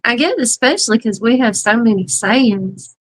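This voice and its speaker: A woman's voice: on the high side, normal speed, rough recording. A woman with a Southern US accent co-hosting a casual beekeeping live chat, chatty and emphatic, laughing often. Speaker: beekeeping livestream co-host.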